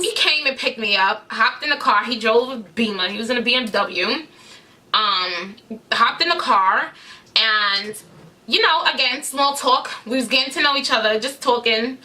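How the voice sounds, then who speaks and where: A woman telling a casual, animated, slangy story to her camera. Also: on the high side, moderate pace. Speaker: vlogger.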